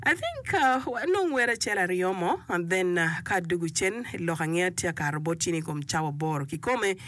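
A woman's voice: lowish voice, animated, moderate pace, fairly bright tone, no room sound. A woman presenting a radio show, reading out listeners' song requests and greetings and teasing the senders. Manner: playful, teasing banter between messages. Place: radio studio.

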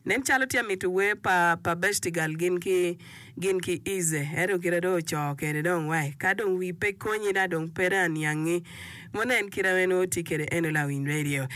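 A woman's voice: on the low side, moderate pace, fairly bright tone, dry recording. A woman presenting a radio show, reading out listeners' song requests and greetings and teasing the senders. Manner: playful, teasing banter between messages. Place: radio studio.

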